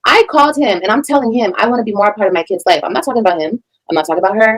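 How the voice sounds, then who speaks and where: A woman talks quickly through heated reaction commentary, blunt and emphatic. She swears freely and presses every point hard. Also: medium pitch, low-quality recording. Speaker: reaction streamer.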